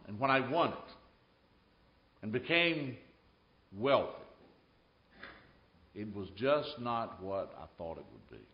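A man preaches a sermon, telling stories with a lively, swooping voice. He swings between loud bursts and hushed asides. The sound is echoey and a little dull, like an older church recording. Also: medium pitch, takes it slowly, pauses often.

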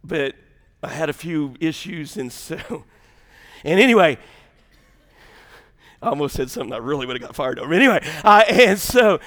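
A man, preaching an animated sermon full of comic stories, swinging from shouts to hushed lines. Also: on the high side, moderate pace, pauses often. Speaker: pastor.

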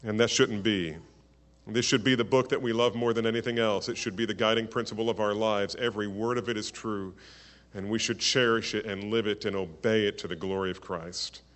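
Low-voiced man giving a devout introduction. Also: brisk. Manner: earnest, devout, steady. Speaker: event host introducing the speaker. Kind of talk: formal introduction at a church conference.

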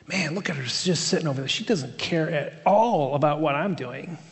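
A man voicing a busy, impatient woman who complains quickly about doing all the work alone. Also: a little high, in a large hall, natural voice. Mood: exasperated.

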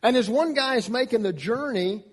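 A man preaching a sermon, emphatic, his voice rising in pitch and loudness on key points. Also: lively intonation, moderate pace, slightly rough, long reverb tail. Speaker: pastor.

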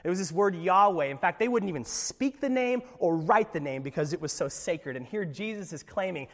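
A man preaching a sermon as pastor, retelling scripture in a casual, animated way with lively asides. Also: high voice, fairly quick, hardly any pauses, in a large hall.

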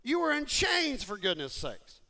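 This man delivers a casual sermon, speaking straight to his listeners. His voice sits high and comes across bright and forceful. He talks with lively energy and often stumbles into quick restarts. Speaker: preacher.

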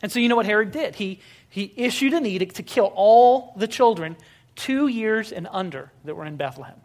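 With a mid-range, expressive voice that's slightly mellow, this pastor preaches conversationally, weaving stories and wry jokes. He throws rhetorical questions at the congregation and often lingers on filler sounds.

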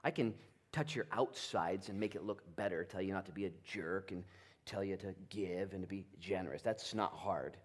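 A man preaching a sermon as pastor, animated and quick to act out Bible figures in funny voices. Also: low-pitched.

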